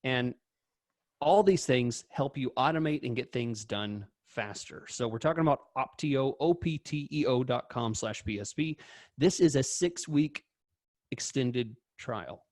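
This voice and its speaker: A man's voice: medium pitch, animated, measured pace, darkish tone, dry recording, studio quality. A man co-hosting a podcast, chatting casually and reading sponsor spots in an upbeat, chatty way. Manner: upbeat, chatty, hesitant restarts. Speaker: podcast co-host. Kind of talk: casual podcast chat with ad reads.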